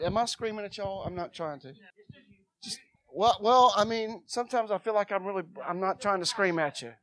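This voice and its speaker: A woman preaching a sermon with fervor, swinging between loud shouts and quiet asides. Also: mid-range voice, moderate pace, no echo, studio quality.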